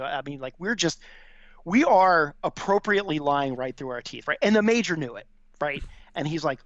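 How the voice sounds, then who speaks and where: A man's voice: fairly high pitch, expressive, brisk, a bit bright, no echo. A man in his fifties, a podcast guest and veteran, telling a casual, profane anecdote and acting out the people he quotes. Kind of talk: casual storytelling. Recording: dry, slightly dull audio.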